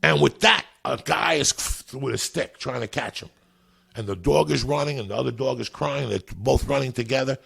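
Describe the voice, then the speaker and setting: A comedian in his fifties, appearing as a podcast guest, tells profane stories in casual chat at a normal speed. His deeply gravelly, husky voice sounds rough and breathy. His delivery is loud and animated, packed with swearing and repeated words.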